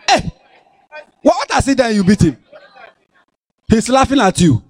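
A man's voice: extremely high pitch, unhurried, long pauses, a little hiss or hum. A man with a Ghanaian accent preaching a sermon as pastor in a church, scolding and teasing his congregation. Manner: animated, scolding, playful.

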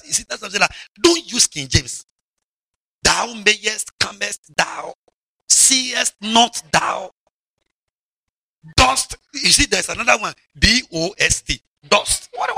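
Man, bishop preaching, high and very bright voice, mocking, shouts for emphasis. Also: gravelly, slightly rough, no echo. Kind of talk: lively sermon.

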